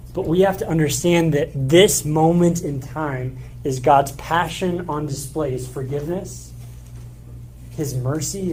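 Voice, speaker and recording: A man's voice: a little high, dark tone, slight background noise, rough recording. A man preaching a sermon in a church, reading scripture aloud and explaining it in a loose, conversational way. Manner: conversational, casual filler words; reads scripture passages aloud. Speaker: pastor.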